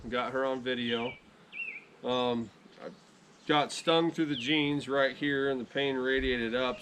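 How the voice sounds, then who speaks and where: A man chatting casually to camera outdoors beside his beehives in a relaxed, rambling way, often correcting himself. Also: medium pitch, noisy background. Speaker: beekeeping vlogger.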